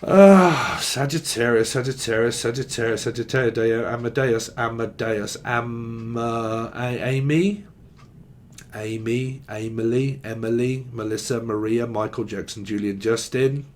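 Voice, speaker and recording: A man's voice: medium pitch, fairly even intonation, measured pace. A man giving a freewheeling channelled tarot reading, rambling and jokey, with a lot of swearing. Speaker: tarot reader.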